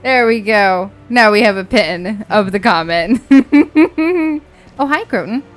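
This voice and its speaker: A woman streaming a video game with a friend, chatting casually in an animated, giggly, teasing way. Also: mid-range voice, soft background music. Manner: animated, giggly, quick to tease. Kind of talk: casual gameplay chat.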